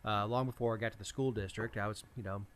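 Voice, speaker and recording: A man's voice: lowish voice, fairly even intonation, quick pace. A man co-hosting a casual political talk show, speaking bluntly in a folksy way. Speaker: podcast co-host.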